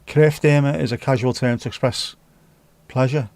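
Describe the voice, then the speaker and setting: In a dry recording, a Scouse-accented man from Liverpool chats jokily with his livestream viewers and reads their comments out. His voice is mid-range and a little mellow, with fairly even intonation and a moderate pace.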